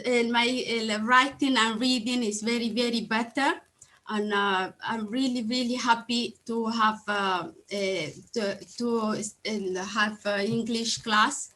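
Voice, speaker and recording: A woman whose first language is Somali, speaking halting English on a video call, often searching for words and apologizing, audibly emotional. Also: on the high side, fairly even intonation, bright, forceful tone, low-quality recording. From Somalia or Italy. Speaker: adult English learner. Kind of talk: online conference testimony.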